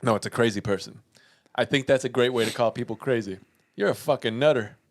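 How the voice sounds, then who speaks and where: A man in a relaxed podcast conversation, quizzing his friend with a playful, teasing edge. He spells words out letter by letter and laughs easily. His voice sits at a middling pitch. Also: quick pace, no room sound, studio quality. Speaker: podcast co-host. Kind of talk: casual chat.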